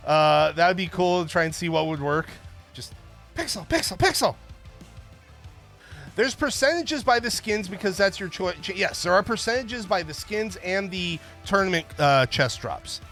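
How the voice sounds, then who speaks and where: A male stream host rambles and jokes with his viewers in a loose, casual way. His voice sits high and sounds bright and forward. Faint music plays underneath. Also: normal speed. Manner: rambling, jokey, chatting with viewers. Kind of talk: casual livestream chat.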